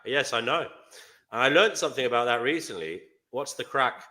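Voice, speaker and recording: A man hosting a live online panel discussion, chatting in a rambling way with quick asides. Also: mid-range voice, expressive, sharp tone. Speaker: host.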